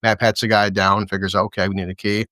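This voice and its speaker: A man's voice: fairly low pitch, fast, no room sound, studio quality. A man hosting a casual chat about a TV episode, retelling scenes and quoting lines with laughs. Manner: animated retelling with quoted voices and laughs. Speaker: podcast host. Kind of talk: casual show recap chat.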